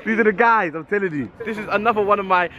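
A young man vlogging casually on a city street, bantering excitedly with friends in heavy slang. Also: sits high, quick pace, highs cut off, a crowd in the background. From London.

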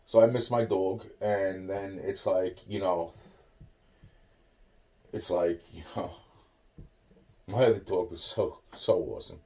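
Rambling, cursing man with a low, dark voice. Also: steady tone, slow pace, pauses often. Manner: profane, repetitive, full of fillers and restarts. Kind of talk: rambling personal rant. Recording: voice a bit far from the mic.

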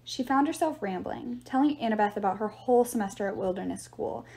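Mellow woman reading a novel aloud. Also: a little high, fairly quick, gravelly. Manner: steady storytelling narration. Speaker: reader.

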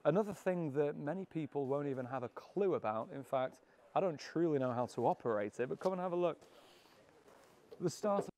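A British man with a fairly high voice guides viewers around a classic car auction. He gushes over each car with cheeky asides and quick jokes, sounding thrilled by everything he sees. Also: lively intonation, a little mellow. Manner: enthusiastic, cheeky and jokey. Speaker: car vlogger. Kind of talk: walkaround presenting.

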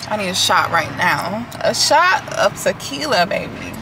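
A young woman chatting casually to her vlog camera while driving in city traffic, sounding a little nervous and laughing between thoughts. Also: mid-range voice. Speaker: vlogger. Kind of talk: casual car vlog chat. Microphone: camera on a car tripod. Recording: loud road noise.

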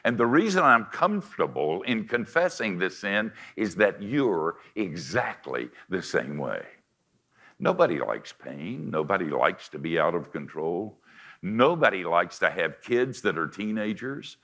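Deep-voiced older man preaching slowly. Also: very animated. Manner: confessional, dramatic swings from loud to hushed. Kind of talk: sermon.

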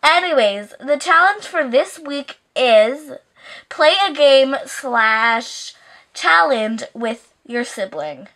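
Young woman vlog host, bright, lively high voice, bubbly and teasing, slow easy delivery. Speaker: channel host. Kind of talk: playful sibling challenge vlog.

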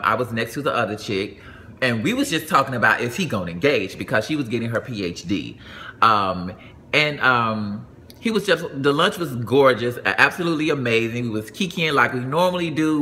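Casual storytelling man, swoops up high when quoting friends, clear bright tone. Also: slight background noise. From Atlanta. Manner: animated, lively, jumps into high voices for quoted friends. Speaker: vlogger telling a story.

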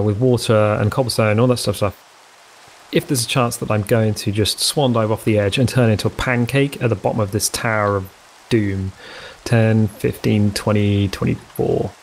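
A man's voice: lowish voice, a little mellow, a little hiss or hum, rough recording. A man giving casual gameplay commentary, thinking aloud, counting blocks and making self-mocking asides. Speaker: let's play host.

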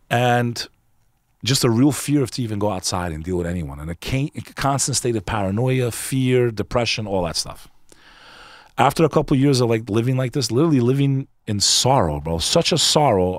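A man's voice: fairly low pitch, no room sound, clean studio sound. A man guest on a podcast, telling a personal story in an emphatic, earnest, casual way, often saying "bro". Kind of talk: candid conversational storytelling.

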